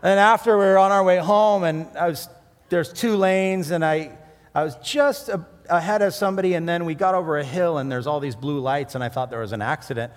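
A man preaching a sermon, mixing scripture with animated personal stories and jokes. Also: on the high side, brisk. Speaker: pastor. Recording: long hall reverb.

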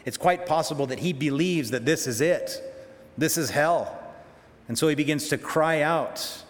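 A man's voice: a little high, normal speed. Man preaching a sermon in a reverberant hall. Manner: conversational and emphatic, with rhetorical questions.

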